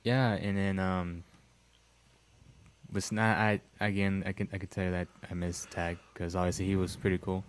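A man's voice: deep voice, little pitch movement, normal speed. A man co-hosting a podcast, rambling in casual chat and peppering his talk with "like" and swearing. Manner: rambling, heavy use of "like" and profanity. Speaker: podcast co-host.

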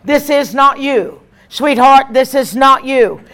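A woman evangelist, preaching an emphatic, animated sermon with repeated lines. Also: high-pitched, takes it slowly.

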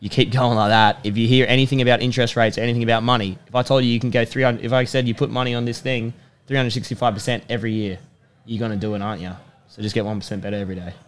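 A man's voice: medium pitch, level tone, very fast. A young man, a podcast guest giving an emphatic, repetitive pep talk. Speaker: podcast guest, personal trainer and rugby player. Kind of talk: motivational casual chat.

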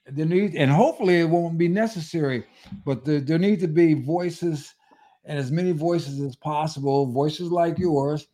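A man's voice: a little high, normal speed, dark tone. A man hosting a political podcast, talking in an emphatic, preachy, conversational way. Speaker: podcast host.

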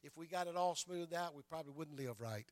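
A man's voice: on the high side, fast, darkish tone, no echo. An older man preaching a sermon and telling his own stories, stumbling over repeated words and adding "amen" between his lines. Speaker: pastor.

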